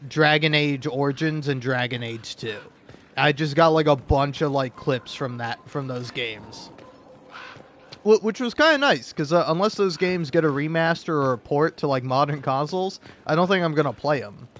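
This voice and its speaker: A man's voice: on the high side, fairly bright tone. A young man giving casual gameplay commentary, rambling, joking, stammering and swearing as he plays. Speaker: gameplay streamer.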